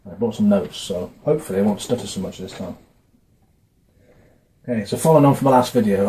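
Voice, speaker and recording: A man talking casually to camera from his notes, often pausing with fillers and restarting his words. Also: fairly low pitch, mellow, low-quality recording. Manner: hesitant, with frequent fillers and restarts. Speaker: video maker explaining a religious topic. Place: indoors, dim room. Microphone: camera mic, facing camera.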